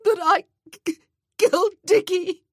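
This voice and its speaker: A woman's voice: on the high side, unhurried, breathy edge, dry recording, studio quality, voice pushed up. Woman voicing a wailing young widow. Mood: anguished. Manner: wailing, tearful outbursts. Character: grief-stricken young widow, guarded.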